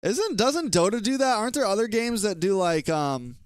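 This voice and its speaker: A man's voice: high-pitched, very animated, normal speed, clean tone, no echo, studio quality. Laid-back young man streaming. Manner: laid-back, slangy, laughs easily. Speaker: esports shoutcaster streaming. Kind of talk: casual live-stream chat.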